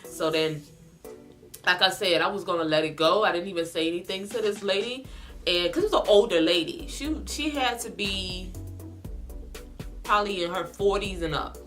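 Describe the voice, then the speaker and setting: A woman vlogger telling an animated, indignant storytime. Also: on the low side, moderate pace, soft background music. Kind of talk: storytime vlog.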